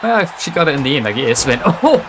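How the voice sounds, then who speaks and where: Calling a wrestling match live, a man fires off the moves in a sing-song, mid-range voice, reacting fast with frequent gasps and exclamations. Background noise from the live stream mix sits clearly beneath him.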